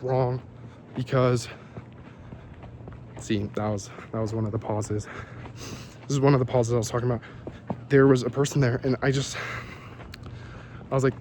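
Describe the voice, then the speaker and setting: A man's voice: mid-range voice, moderate pace, long pauses, slight background noise. A man rambling through a casual vlog while walking outdoors on a city street, often losing his train of thought. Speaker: vlogger.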